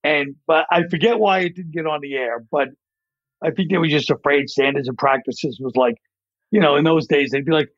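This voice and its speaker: A man with a fairly high speaking voice spins long, rambling comedy stories and slips into character voices as he tells them. The sound is dry and a little dull, like a close studio podcast mic. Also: brisk, dry recording. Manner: rambling, animated storyteller who acts out voices. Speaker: comedian guest. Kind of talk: casual interview storytelling.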